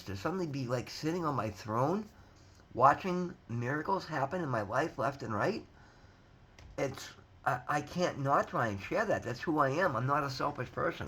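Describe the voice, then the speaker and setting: On the high side, a bit bright and with a breathy edge, this man's voice carries a heartfelt talk to his viewers. As a motivational vlogger, he repeats himself, swears freely and keeps addressing them as "guys" in a casual monologue to camera.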